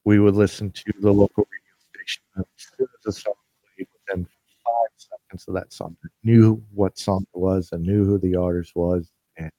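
A man with a low, mellow voice gives a casual holiday message as a podcast host. He talks haltingly, full of pauses and restarts, and sounds emotional. The recording is close and dry. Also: no echo, poor audio. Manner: halting, hesitant, many fillers and restarts.

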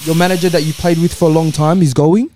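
A young adult man with an Australian accent, co-hosting a casual football podcast, talking in an animated, argumentative way. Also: fairly high pitch, fast, slight background noise. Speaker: podcast co-host, Liverpool fan.

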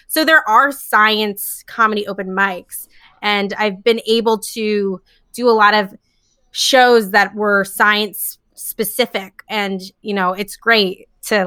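A woman's voice: medium pitch, pushed and bright, dry recording, studio quality. A young woman, a comedian and scientist, chatting casually in an interview with many fillers and frequent laughs. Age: young adult.

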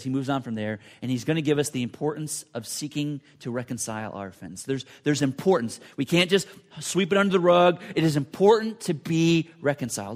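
A man preaching a sermon in an earnest, repetitive way, often restarting phrases and dropping to a hush for emphasis. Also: medium pitch. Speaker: pastor.

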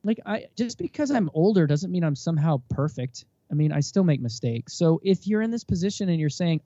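A man's voice: on the high side, fairly quick, hardly any pauses, dry recording, lo-fi sound. A man in his thirties, a guest in a casual interview, talking earnestly and acting out the dialogue he recounts. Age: 30s. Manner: earnest, animated, acts out quoted dialogue. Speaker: podcast guest.

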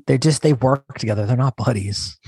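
A man's voice: medium pitch, darkish tone, slightly rough, no room sound. A man co-hosting a podcast in casual chat, teasing and scolding his co-host. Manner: teasing, scolding, quick to push back.

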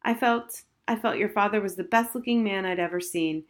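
A woman's voice: mid-range voice, a little fast, natural voice. A woman reading as a breezy, amused society mother. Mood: musing. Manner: airy, amused, calls everyone dear.

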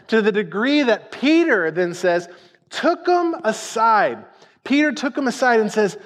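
A man delivers a sermon with a fairly high voice. He talks casually and emphatically, and sometimes acts out the words of the people in his story. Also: big pitch swings, normal speed. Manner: conversational, emphatic, acts out quotes. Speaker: pastor.

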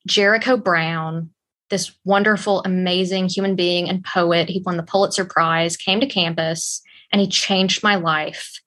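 A young woman speaks as a guest in an interview. She tells her story with lively energy and acts out the quoted dialogue. Her voice sits at an average pitch for a woman.

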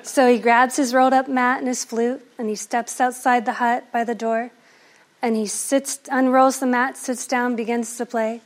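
A woman performing an oral folktale in a lively, playful way. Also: on the high side, moderate pace. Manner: lively, animated, playful asides. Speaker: storyteller.

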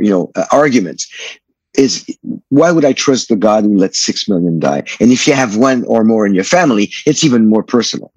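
A man's voice: medium pitch, breathy edge, no room sound. A middle-aged man from France, earnestly telling his personal testimony as a guest in a radio interview. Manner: earnest, reflective storytelling.

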